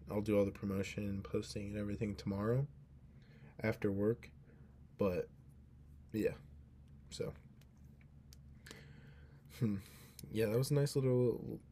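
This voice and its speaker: A man's voice: fairly low pitch, dark tone, a little hiss or hum. A young man hosting a casual solo podcast, talking in an earnest, rambling way and cutting himself off, sounding drowsy. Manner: rambling, earnest, self-interrupting. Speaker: podcast host.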